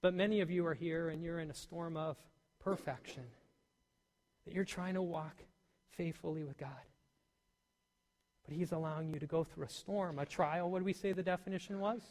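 A male pastor preaching a sermon in a church, swinging between loud emphatic peaks and soft near-whispers. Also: on the high side, steady tone, moderate pace, long pauses. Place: church hall. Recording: long hall reverb.

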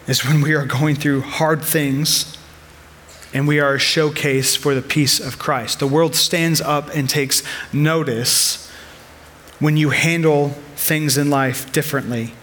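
A man in his thirties delivers a sermon from the pulpit, earnest and conversational. He mixes teaching with personal stories, and his voice sits a little higher than most men's. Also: steady tone, measured pace, fairly bright tone, a little hiss or hum. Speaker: pastor.

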